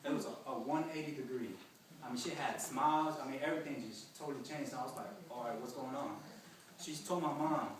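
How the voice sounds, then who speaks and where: A man's voice: medium pitch, fairly quick, background noise. A young man giving an earnest personal testimony to a group, talking plainly and often saying "you know.". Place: large echoey hall with an audience. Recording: very echoey hall, distant mic, crowd behind.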